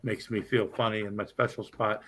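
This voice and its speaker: A man's voice: fairly low pitch, level tone, a little fast, a bit bright, slight background noise. A man chatting on a casual livestream, rambling and crude, poking fun at himself. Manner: rambling, crude, self-deprecating. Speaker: livestream guest.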